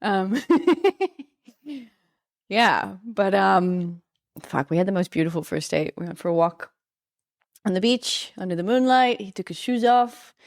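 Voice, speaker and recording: Female guest, dry close sound, animated storyteller with a casual, profane style. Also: mid-range voice, slow pace, pauses often, dry recording. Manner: animated storyteller, swears, giggles often. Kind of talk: casual chat.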